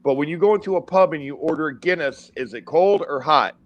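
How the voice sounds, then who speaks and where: A man's voice: a little high, brisk. A man on a casual stream, teasing and provoking his friends and laughing at his own jokes. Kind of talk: casual banter.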